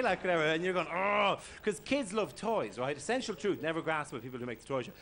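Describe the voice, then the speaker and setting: A man with an Irish accent doing a stand-up comedy set, animated and bursting into shouts. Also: a little high, fast talker, hardly any pauses. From Ireland. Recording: noisy live stage recording.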